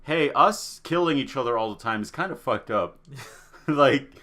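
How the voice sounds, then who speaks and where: A young man co-hosting a casual podcast, talking in an animated way, swearing a lot and acting out game scenes in silly voices. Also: medium pitch, unhurried. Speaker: podcast co-host.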